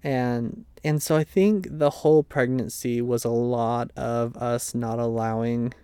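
A man's voice: medium pitch, fairly even intonation, a little slow, dark tone, clean tone, no echo. A young adult man in casual chat, talking freely and acting out his own past thoughts.

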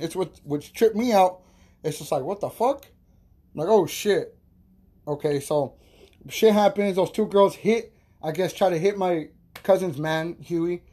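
A podcast host spins a rowdy tale in a loose, profane, laughing monologue. His voice sits high for a man. The tone is soft and mellow, never sharp. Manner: animated, profane, laughing storyteller. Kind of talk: casual storytelling monologue.

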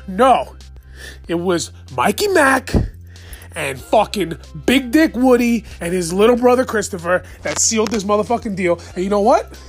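A man hosting a solo sports fan podcast late at night, excited, profane and rambling as he rants. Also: high voice, moderate pace, faint music behind. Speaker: podcast host.

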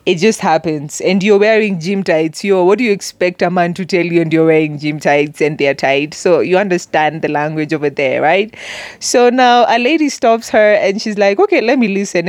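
A woman's voice: on the low side, a little mellow, no echo. A young woman vlogger chatting casually to her viewers, telling stories with lots of fillers and asides. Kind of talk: casual chat to camera.

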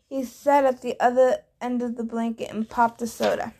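A woman's voice: fairly high pitch, flat delivery, normal speed, hardly any pauses, warm tone. A woman reading a novel aloud in the first person, plainly and with small stumbles. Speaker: reader. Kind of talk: audiobook narration of a novel.

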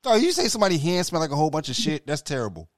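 Lively, laughing man in casual chat. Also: on the high side, very fast, dry recording, studio quality. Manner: laughs often, profane, animated storytelling.

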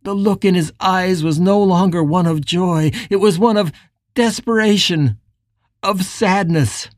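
A woman reads an audiobook in a low, measured voice at a slow pace. The recording is dry and close, with an emotive but controlled delivery. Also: a little mellow, no echo. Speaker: audiobook narrator. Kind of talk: scripted audiobook narration.

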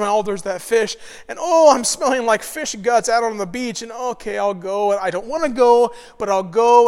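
A man leading an informal Bible study, talking in a lively, animated storytelling way with frequent restarts. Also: high voice, long reverb tail.

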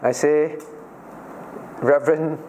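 A man's voice: fairly high pitch, steady tone, slow, a little mellow, slight background noise. A man, a pastor, teaching a Bible study class. He questions listeners by name and repeats his key phrases.

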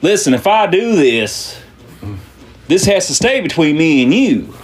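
A man doing a high, huffy old prospector. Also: sing-song, unhurried, husky, full character voice. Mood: secretive. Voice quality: high, strained put-on voice.

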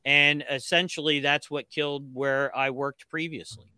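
A gruff man who jokes at his own expense and talks with a slight lisp from a missing tooth, as a guest chatting on a podcast. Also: a little high, level tone, normal speed, pushed and bright, dry recording. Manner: gruff, joking, self-deprecating. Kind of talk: casual chat.

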